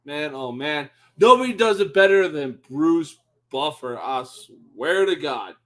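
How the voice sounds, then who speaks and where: Male stream commentator, high bright voice, slow drawl, curses constantly at the fighters. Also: expressive. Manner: exasperated, swearing, yelling at the fighters. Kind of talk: profane live fight commentary.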